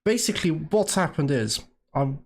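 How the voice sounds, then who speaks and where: A man's voice: fairly high pitch, expressive, moderate pace. A man from Great Britain and Germany chatting casually on a live stream, rambling while he works and answering viewers' questions.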